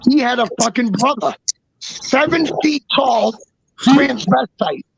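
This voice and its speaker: A man telling a long story as a guest in casual talk, halting and restarting often, and swearing freely. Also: very high voice, expressive, vocal fry, slightly rough, no echo, poor audio. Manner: halting, with many restarts and repeats.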